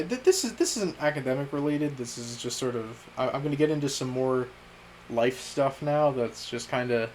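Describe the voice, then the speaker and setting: A young man vlogging a candid personal message to his future self, halting and self-critical, with frequent restarts and pauses. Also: mid-range voice, gravelly, a little hiss or hum, poor audio. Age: young adult.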